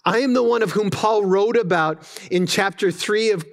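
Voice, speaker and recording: A man preaching who speaks as a divine savior in first person, making slow, emphatic declarations in a lifted voice. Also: high-pitched, voice pushed up. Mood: solemn.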